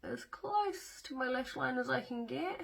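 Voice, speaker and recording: A woman's voice: sits high, animated, a little slow, gravelly, fairly bright tone, rough recording. A middle-aged woman, chatting casually through a step-by-step makeup demo with fillers and small asides. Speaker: makeup tutorial host.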